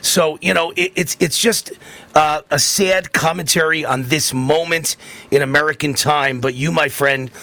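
A fervent male talk radio host with a bright, forceful voice that drives every point home through repetition. The sound is dry and close, with no room around it. His talk runs indignant and emphatic. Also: on the high side, steady tone, a little slow, dry recording. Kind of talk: political talk radio commentary.

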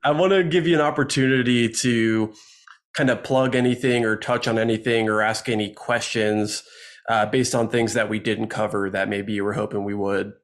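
A man's voice: on the low side, steady tone, moderate pace. Easygoing male podcast host. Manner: friendly and easygoing, tells his own short anecdote. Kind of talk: casual interview conversation.

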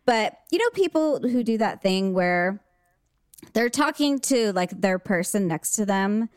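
A woman's voice: medium pitch, unhurried, smooth, no echo, studio quality. A middle-aged woman co-hosting a podcast, telling a story in casual chat and acting out the quoted dialogue. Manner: animated, acts out quoted dialogue.

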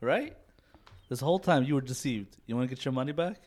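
A man co-hosting a casual podcast chat, joking and quick to laugh. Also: mid-range voice, lively intonation, darkish tone. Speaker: podcast co-host.

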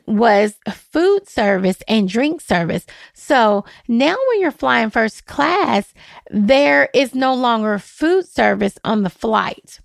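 A woman hosting her own travel podcast, talking in a chatty, animated way and chuckling often. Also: on the high side, vocal fry, no room sound. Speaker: podcast host. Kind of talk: casual solo podcast talk.

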